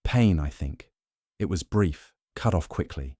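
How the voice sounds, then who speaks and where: A man voicing a shaken, wary young noblewoman who answers in a hesitant, halting way in an audiobook. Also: deep voice, animated, dark tone, no room sound, studio quality. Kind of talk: audiobook narration.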